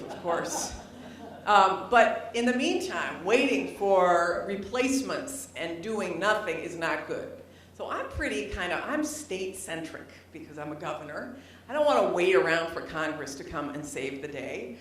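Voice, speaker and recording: A middle-aged woman giving a public lecture to an audience, animated and humorous, at times rising almost to a shout. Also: on the low side. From United States. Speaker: lecturer, former governor. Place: library lecture hall. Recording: very echoey hall, voice from some distance.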